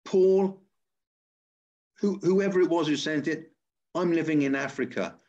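Host, man, earnest, lo-fi sound, fairly high voice. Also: unhurried, a little mellow. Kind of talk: casual chat. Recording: dull lo-fi audio.

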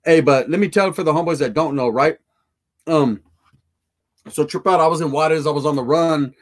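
A man's voice: on the high side, a little fast. A man telling a profane, slangy street story to his live chat.

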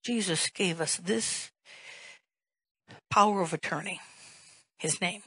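A woman's voice: fairly low pitch, slow, sharp tone, slightly rough, no echo, rough recording. A woman pastor preaching a sermon in an emphatic way, firing rhetorical questions and rising to a raised voice.

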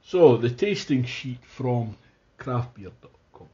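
A man's voice: medium pitch, animated, slow, mellow, highs cut off. A man with a Scottish accent giving a casual, enthusiastic beer tasting review, thinking aloud as he goes. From Scotland.

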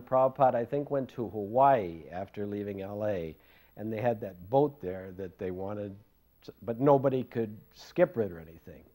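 Older man, casual storyteller, rambling and self-deprecating, quick to laugh. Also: on the low side, darkish tone. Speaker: devotee recalling memories.

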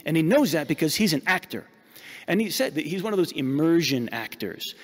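Emphatic priest preaching in reverb. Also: male voice, fairly high pitch, big pitch swings, brisk. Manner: emphatic, repeats words when searching for them. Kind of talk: sermon.

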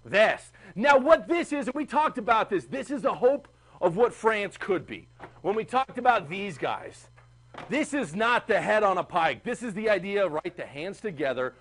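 A man teaching a history class, chatty and animated, asking the class questions. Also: high voice, normal speed. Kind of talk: classroom lecture.

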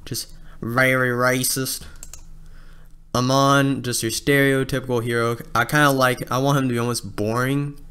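A man talks through a casting call in a loose, rambling way, often stopping and restarting his sentences. His voice is smooth and clear, sitting at an ordinary pitch for a man. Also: flat delivery, normal speed, pushed and bright. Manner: rambling, many fillers and restarts. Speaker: abridged series creator.

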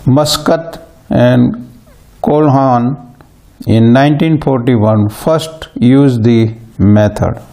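A man giving a plant pathology lecture, slow and halting, with frequent fillers and restarts. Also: medium pitch, dark tone. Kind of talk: recorded university lecture.

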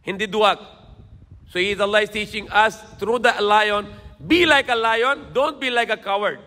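A man's voice: high voice, normal speed, sharp tone, big-room sound. A man preaching a sermon lecture in emphatic, repetitive phrases, now and then switching into Tagalog. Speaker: Islamic preacher.

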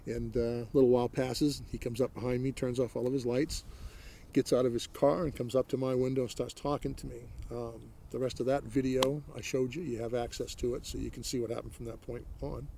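A middle-aged man from Maine speaks in a gravelly, dark and mellow voice. He tells his story plainly in an interview, walking through each exchange step by step and leaning on "he goes" and "I said.". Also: medium pitch, little pitch movement, a little fast, slight background noise. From Maine, United States. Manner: plain-spoken, retells exchanges with lots of "he goes" and "I said". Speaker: interviewee recounting a police encounter.

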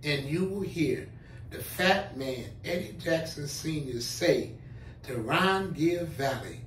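A man's voice: on the high side, animated, takes it slowly, fairly bright tone, slight background noise. A man hosting his own channel, making an emphatic, preachy appeal and hammering his points again and again. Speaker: channel host. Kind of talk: direct-to-camera commentary. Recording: roomy, mic at a distance.

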